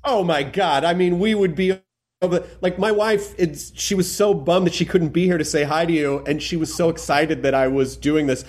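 High-voiced enthusiastic podcast host. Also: male voice, normal speed, a little mellow. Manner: enthusiastic, filler-heavy, lots of "like". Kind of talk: casual podcast chat.

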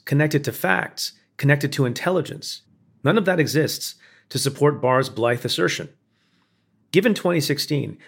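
A man, a former prosecutor, reading a scripted opinion essay in a measured, pointed way with building emphasis. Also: medium pitch, gravelly, fairly bright tone, breathy edge. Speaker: former prosecutor narrating commentary.

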